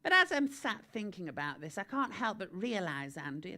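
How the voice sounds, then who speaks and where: Camp deadpan comic host. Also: female voice, mid-range voice, normal speed. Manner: camp, deadpan, self-aggrandising, addresses viewer by name. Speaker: comedy host. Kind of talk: live-streamed comic advice chat. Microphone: live-stream camera mic.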